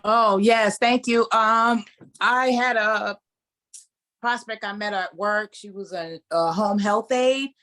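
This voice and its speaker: A woman's voice: mid-range voice, a bit bright. Hesitant woman asking on a group call. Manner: hesitant, pauses with fillers. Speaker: team member asking a question on a call. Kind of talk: casual question on a group video call.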